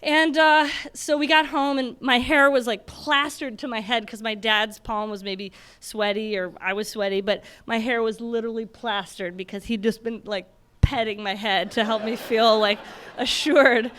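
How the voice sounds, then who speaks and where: Lively woman telling a story. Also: fairly high pitch, normal speed. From Michigan, USA. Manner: animated, laughing often, acting out voices. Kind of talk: live stage storytelling. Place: stage before a live audience.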